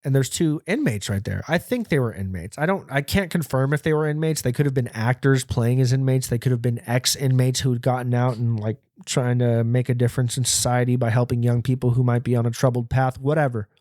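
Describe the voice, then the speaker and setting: A man's voice: mid-range voice, brisk, hardly any pauses, darkish tone, dry recording. A man hosts a podcast and tells a long, casual story with heavy profanity. His voice sits in an ordinary mid range and he wanders off on tangents. The recording is close and dry. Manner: rambling, heavily profane, laughing. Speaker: podcast host.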